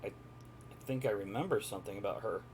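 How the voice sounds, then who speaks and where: A man's voice: lowish voice, quick pace, crowd noise. A man narrating a live-streamed tabletop game as game master, chatty and jokey, chatting with viewers in between.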